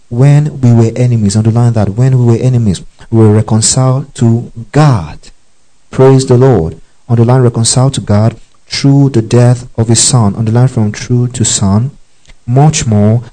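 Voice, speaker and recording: A man's voice: mid-range voice, dark tone, low-quality recording. Man teaching a sermon verse by verse. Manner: checks understanding often, repeats key phrases; tells listeners to underline verses. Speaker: preacher.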